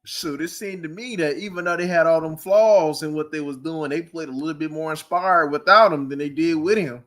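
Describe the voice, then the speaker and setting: A man, ranting casually about football, animated and mocking, often breaking into laughs and loud outbursts. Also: a little high, a little fast. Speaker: sports commentator. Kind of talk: casual sports rant. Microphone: streaming mic.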